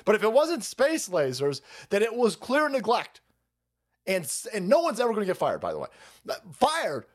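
High-pitched, animated foul-mouthed male streamer. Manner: foul-mouthed, sarcastic, exasperated; repeats words in rapid bursts. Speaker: livestream host. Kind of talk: profane livestream rant.

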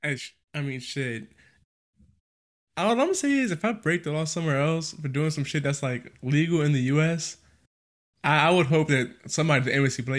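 A man with a slightly raised voice jokes through a casual podcast conversation. He laughs often, swears freely, and breaks into quick bursts when excited. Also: on the high side. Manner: joking, laughs often, profane, bursts of fast talk. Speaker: podcast co-host.

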